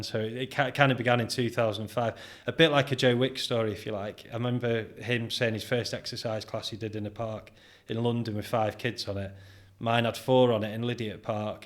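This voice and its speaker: Brisk and fairly low-pitched, this fortysomething British entrepreneur guests on a podcast. The interview is casual, and he fills it with animated anecdotes, voicing other people's words and breaking into laughter a lot.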